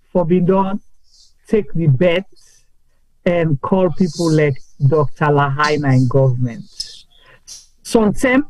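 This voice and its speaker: A Sierra Leonean man with a Krio accent hosts a talk show in a fairly high voice. The sound is dry and close, and he presses his points while asking if others follow. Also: no echo, highs cut off. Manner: persuasive, asks for agreement.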